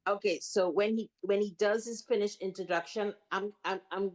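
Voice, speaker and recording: A woman co-hosting a podcast who chimes in on a TV recap with quick agreement and dry, wry comments. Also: mid-range voice, fairly even intonation, a little mellow. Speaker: podcast co-host. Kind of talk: casual TV recap chat.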